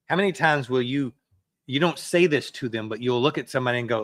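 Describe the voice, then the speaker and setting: A man's voice: medium pitch, fast talker, a bit bright, no room sound. A man preaching a sermon as a pastor, in a conversational way that acts out everyday excuses.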